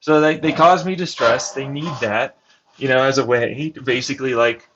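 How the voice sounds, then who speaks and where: A man's voice: medium pitch, normal speed. A young man venting in a rambling personal vlog, agitated and swearing as he acts out arguments. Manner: agitated, swearing, mimics others in heated back-and-forth. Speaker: vlogger. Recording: dull lo-fi audio with clear background noise.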